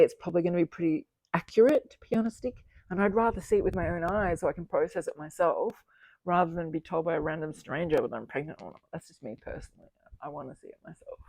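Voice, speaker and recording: A woman's voice: on the low side, darkish tone, dry recording. A fifty-year-old woman telling her personal story to the camera, candid and reflective, often breaking into laughter. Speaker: single mother sharing her fertility journey.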